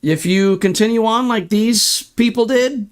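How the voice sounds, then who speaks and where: A man's voice: high-pitched, unhurried, clear, resonant tone. A young man streaming sim racing, ranting in frustration and swearing while walking through replay footage. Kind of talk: ranting livestream commentary.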